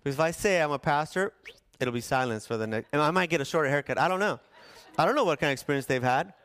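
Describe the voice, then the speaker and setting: Man preaching a lively conversational sermon. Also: a little high, fast. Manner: conversational, animated storytelling with acted quotes. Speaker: pastor.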